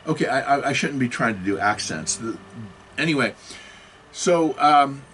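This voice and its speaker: A man's voice: mid-range voice, animated, moderate pace, fairly bright tone, slight background noise. Agitated, rambling man lecturing. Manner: agitated, apologetic, many restarts. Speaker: computer security educator. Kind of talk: self-recorded talk.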